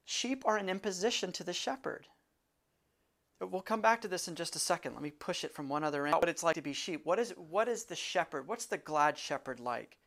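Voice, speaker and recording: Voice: mid-range voice, expressive, fairly quick, fairly bright tone. A pastor, preaching a sermon in an earnest, conversational way and repeating key phrases for emphasis.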